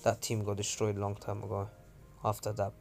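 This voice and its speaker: A man's voice: on the low side, completely flat delivery, a little fast, gravelly, soft background music. A man voicing a cold, distant teenage male ninja, with curt, muttered lines.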